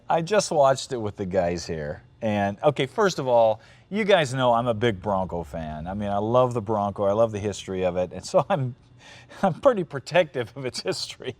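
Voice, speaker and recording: Animated, laughing male podcast host. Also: normal speed. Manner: animated, laughing often, mocks quotes in a deep announcer voice. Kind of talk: casual podcast monologue.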